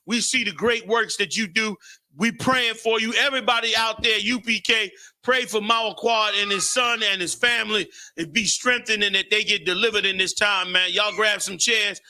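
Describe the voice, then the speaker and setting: A man hosting a live talk show, talking with energetic, preacherly fervor and shouting out to guests. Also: sits high, normal speed. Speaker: show host.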